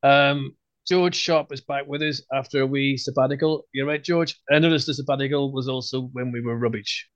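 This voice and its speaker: A man's voice: medium pitch, steady tone, brisk, no room sound, dull audio. Joking man hosting a podcast. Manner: joking, teasing banter. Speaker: podcast host. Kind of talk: casual podcast chat.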